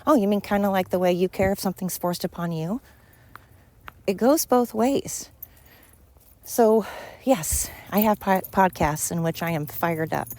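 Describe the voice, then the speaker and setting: A woman's voice: medium pitch, measured pace, a little mellow, dry recording. A woman hosting her podcast in a casual, earnest monologue, rambling and emphatic with many fillers, a little winded as she walks outdoors. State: slightly winded. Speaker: podcast host.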